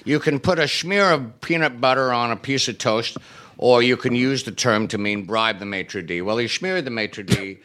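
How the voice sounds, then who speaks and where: A man's voice: medium pitch, normal speed, a bit bright. A man telling show-business stories as an interview guest, wry and self-deprecating with comic timing. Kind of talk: anecdotal interview storytelling.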